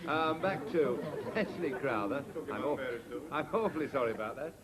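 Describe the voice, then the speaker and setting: A man hosting a comedy panel game, briskly calling out scores and joking with the players. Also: mid-range voice, lively intonation, crowd noise. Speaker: quiz host. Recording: noisy old TV archive recording.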